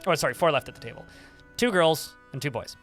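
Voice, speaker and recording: A man's voice: fairly high pitch, expressive, quick pace, a bit bright, faint music behind. A man live-streaming a game, telling a rambling story in a chatty, casual way with mild swearing.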